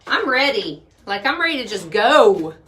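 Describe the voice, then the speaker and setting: A woman's voice: fairly high pitch, very animated, normal speed, background noise. A woman chatting casually to camera while doing chores outdoors, laughing often. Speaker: vlogger, homesteader. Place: outdoors by a chicken coop. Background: chickens and a rooster.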